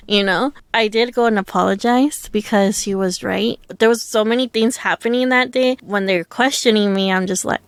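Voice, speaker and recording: A woman's voice: medium pitch, fairly even intonation, moderate pace, few pauses, clean tone, no echo. A woman co-hosting a casual podcast, frank and chatty, telling her own anecdotes. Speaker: podcast co-host.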